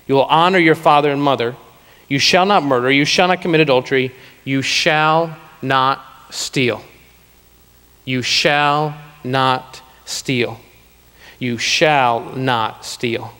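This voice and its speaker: A man preaching a sermon to a congregation, slowing down to stress key lines. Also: a little high, fairly bright tone. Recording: long reverb of a hall.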